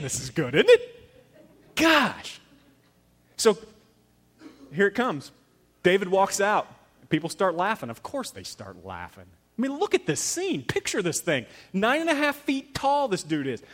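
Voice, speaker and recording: A man preaching a sermon, telling a story with dramatic swings from loud to hushed and acting out the characters' lines. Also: high-pitched, huge pitch swings, normal speed. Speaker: pastor.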